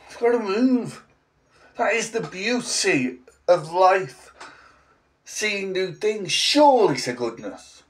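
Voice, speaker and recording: A man's voice: sits high, very animated, slow. A man in his forties, a language teacher, ranting in a blunt, sarcastic vlog monologue with an English accent. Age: 40s.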